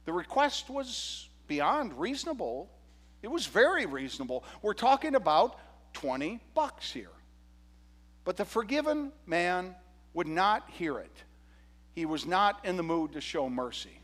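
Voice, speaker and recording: A male pastor preaching a sermon, retelling a parable with animated, humorous storytelling. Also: high-pitched, unhurried, long reverb tail.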